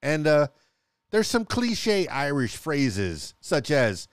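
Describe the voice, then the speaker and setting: A man's voice: a little high, huge pitch swings, takes it slowly, no echo, clean studio sound. A man hosting a casual solo podcast, chatty and playful, often laughing and restarting his words. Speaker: podcast host. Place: home studio.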